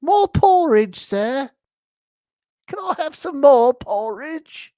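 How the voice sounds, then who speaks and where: A squeaky begging wallet. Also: male voice, big pitch swings, slow pace, mellow, no echo, studio quality, exaggerated voice. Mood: pleading. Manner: high squeaky begging whine. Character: whiny pleading talking wallet, frantic, male.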